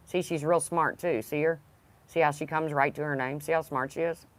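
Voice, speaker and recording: A woman's voice: sits low, steady tone, moderate pace. A woman chatting casually on a livestream, rambling and talking to her dog. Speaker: livestream host.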